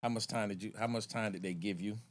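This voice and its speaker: A man's voice: lowish voice, steady tone, fast talker. A man hosting a podcast in casual talk, affirming his guest and using street slang. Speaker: podcast host. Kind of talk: casual conversation.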